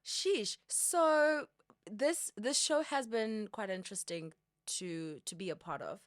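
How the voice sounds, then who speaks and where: A South African woman chatting casually as a guest, animated and emphatic, repeating her phrases for effect. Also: medium pitch, slow pace, no echo, clean studio sound. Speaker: guest, TV presenter. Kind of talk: casual chat.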